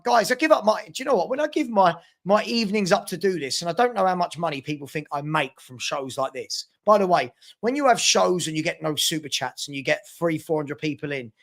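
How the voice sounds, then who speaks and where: A man's voice: sits high, a bit bright. A man from South London with a London accent, hosting a live football transfer show and bluntly telling off commenters in a repetitive, casual way.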